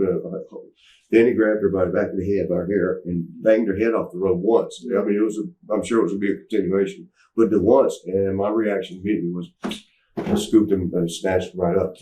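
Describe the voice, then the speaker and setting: A man with a deep, dark-toned voice speaks briskly and steadily as an interview guest, telling a candid story that rambles, restarts, and acts out what people said. The recording sounds roomy, with the mic placed at some distance.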